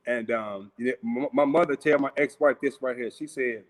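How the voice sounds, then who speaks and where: A man's voice: mid-range voice, moderate pace, hardly any pauses. A middle-aged man from St. Louis telling a personal story over a video call, speaking casually and repeating words as he goes. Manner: conversational, repeats words, acts out voices in quotes. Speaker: guest. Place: home, remote video call.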